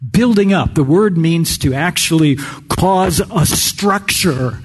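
A man preaching a sermon in a slow, folksy storytelling way, often clearing his throat. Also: a little high, big-room sound.

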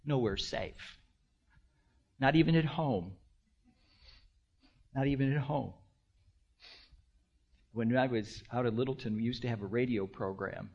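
A pastor in his sixties preaches a sermon full of rhetorical questions to the congregation, swinging between hushed asides and loud emphasis. His voice is medium in pitch.

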